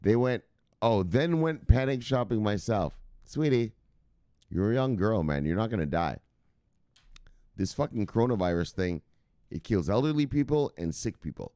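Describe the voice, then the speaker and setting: Rambling loosely through a crypto news livestream, a man curses freely and barks out signature sign-offs in casual chat. His voice is lowish, animated and mellow at a moderate pace, captured in clean studio sound without room sound.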